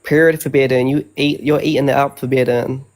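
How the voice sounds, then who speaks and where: A man's voice: mid-range voice, fairly even intonation, fairly quick, a little mellow. A man not from the US in casual live-stream banter, chatty and teasing, full of slang. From outside the US.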